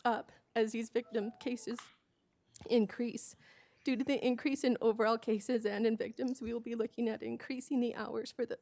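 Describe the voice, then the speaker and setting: A woman with an American accent presenting a prepared report on victim services to a county meeting, speaking earnestly and steadily. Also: a little high. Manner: steady and earnest, becoming emotional and hesitant. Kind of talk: reading a prepared report, then answering questions.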